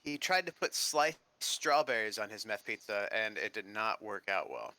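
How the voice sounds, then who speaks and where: A man joking deadpan in casual chat before a tabletop game. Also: lowish voice, normal speed, dry recording.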